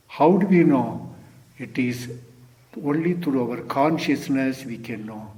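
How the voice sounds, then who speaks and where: An older man from India, with a medium-pitched, darkish voice, gives a Zen dharma talk as the teacher. He repeats key words and poses rhetorical questions to his listeners.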